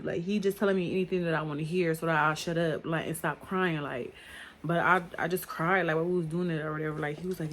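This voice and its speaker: Young woman, storytime vlog, rambling casual talk, lots of fillers, lowish voice. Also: steady tone, fast talker, fairly bright tone, a little hiss or hum.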